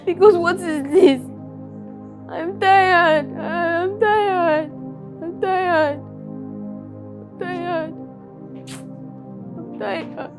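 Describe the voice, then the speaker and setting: An actress with a Nigerian accent playing a polite, mistreated orphan girl who speaks softly and with deference. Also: high voice, expressive, moderate pace, music in the background. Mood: grieving. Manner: polite, deferential, soft-spoken. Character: orphaned young woman, grieving and mistreated.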